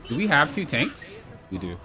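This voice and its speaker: Over music, a young streamer playing a hero shooter gives live commentary in a medium-pitched, sing-song voice at a moderate pace. He teases and complains at his teammates in mock exasperation, trash-talking them playfully.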